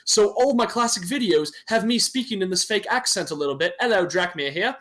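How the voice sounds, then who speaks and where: A man's voice: high-pitched, animated, fast, fairly bright tone. A young man from Michigan, casually chatting on a podcast stream, joking and laughing at himself. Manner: laughing, self-mocking, profane. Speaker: podcast co-host. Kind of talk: casual chat. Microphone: desktop microphone on a stream.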